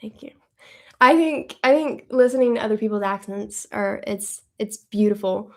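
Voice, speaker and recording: A woman hosting a live stream, chatting casually and thinking out loud as she answers viewer questions. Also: mid-range voice, moderate pace. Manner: chatty and upbeat, thinking aloud.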